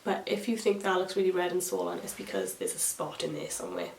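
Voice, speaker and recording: Doing her makeup for a get-ready-with-me vlog, a young beauty vlogger tells a story in a fast, sing-song, fairly low voice, chatting away and swearing freely. She's recorded from a distance, a bit off-mic in an echoey room.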